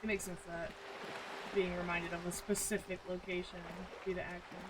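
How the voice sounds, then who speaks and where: A woman's voice: lowish voice, little pitch movement, moderate pace, very noisy. A woman from the southern United States streaming a game, chatting casually in a rambling way and laughing often.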